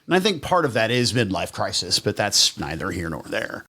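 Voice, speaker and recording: A man's voice: on the low side, big pitch swings, moderate pace, pushed and bright. A man hosting a podcast in a studio, joking and teasing his guests in casual chat. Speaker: podcast host.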